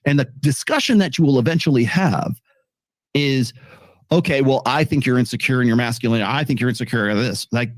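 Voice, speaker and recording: A man gives argumentative video commentary in an earnest voice of middling pitch, laying out his case point by point. His voice sounds dry and close to the mic. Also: brisk, no echo.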